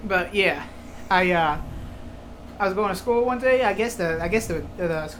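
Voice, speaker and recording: A man's voice: high voice, moderate pace, fairly bright tone, slight background noise. Hesitant man telling stories. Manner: hesitant, many fillers. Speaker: guest. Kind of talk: casual chat, storytelling.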